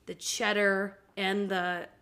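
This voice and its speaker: A woman's voice: medium pitch, slow, clean tone. A woman in her thirties, co-hosting a podcast as a mother, telling family stories in a blunt, swear-heavy way. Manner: blunt, swears freely, animated storyteller. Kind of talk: casual chat.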